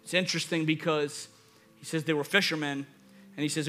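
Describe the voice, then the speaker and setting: A man preaching a sermon, energetic and emphatic, sometimes acting out people's reactions in a jokey voice. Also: a little high, brisk, faint music behind. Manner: acts out listeners in a jokey hyped voice.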